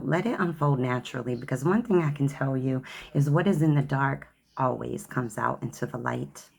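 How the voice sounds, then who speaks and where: A woman with a remarkably low, gravelly voice reads tarot cards for her viewers. She talks in a sassy, chatty way and calls the listener honey and child. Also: a little mellow. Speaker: tarot reader. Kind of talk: tarot card reading to camera.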